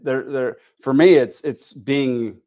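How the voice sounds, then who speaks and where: A man's voice: medium pitch, slow, darkish tone. A man with a Texas accent hosting a casual podcast, tired and rambling with many fillers and restarts. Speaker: podcast host.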